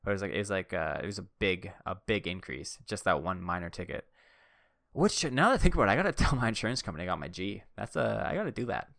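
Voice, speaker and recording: A man's voice: low voice, animated, fast talker, gravelly, fairly bright tone, dry recording, clean studio sound. A young man hosting a podcast, telling rambling, self-deprecating stories with joking asides while seated indoors. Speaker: podcast host. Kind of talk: casual storytelling. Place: seated indoors on a swivel chair.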